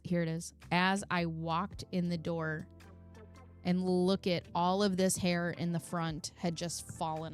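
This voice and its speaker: Candid middle-aged woman chatting casually. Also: fairly low pitch. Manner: candid, swears freely, emotional storytelling. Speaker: channel host. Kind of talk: casual live chat reading comments.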